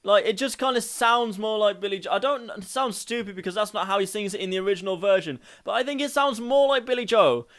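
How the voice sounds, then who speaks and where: A man hosting a casual singing tutorial, energetic and rambling, often laughing at himself. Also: high voice, fast talker, few pauses.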